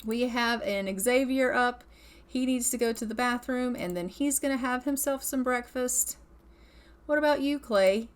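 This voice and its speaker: A woman's voice: a little high, unhurried. A woman chatting affectionately as she narrates a life-sim game, often laughing. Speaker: gameplay commentator. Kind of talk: casual let's-play commentary.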